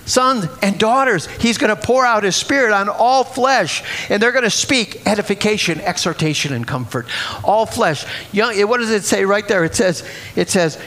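A man's voice: high voice, expressive, moderate pace, fairly bright tone. A man preaching a sermon, exuberant and repetitive, often laughing between phrases.

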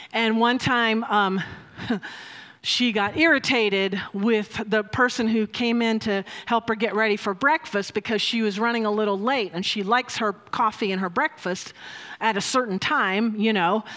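Into a handheld or stand microphone in a church hall, a woman delivers a sermon, her voice fairly high in pitch and fairly bright. Long hall reverb surrounds her storytelling, which is dotted with frequent laughs and emphatic rises.

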